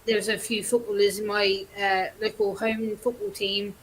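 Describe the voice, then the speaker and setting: A woman's voice: medium pitch, flat delivery, normal speed, slight background noise, rough recording. A woman talking frankly as a guest on a casual livestream, stating firm opinions and laughing them off. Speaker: stream guest.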